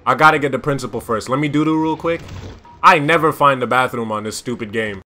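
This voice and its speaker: A young man giving loud, slangy, exasperated commentary while playing a school simulator game. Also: medium pitch, a little fast. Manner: slangy, repeats phrases. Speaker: gaming YouTuber. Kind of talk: casual let's-play commentary.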